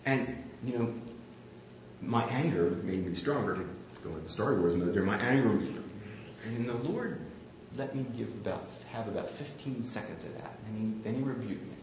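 A man's voice: on the low side, moderate pace, darkish tone. A man delivers a sermon, telling a candid, self-deprecating story about himself. His voice rings through a strongly echoing room, and the recording sounds a little dull, with faint noise underneath. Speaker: preacher. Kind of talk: sermon with personal anecdote.

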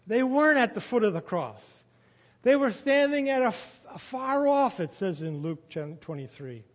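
High-voiced preacher in an echoing hall. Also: male voice, big pitch swings, moderate pace. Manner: swings from quiet to loud when quoting. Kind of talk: sermon. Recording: dull sound with long reverb of a hall.

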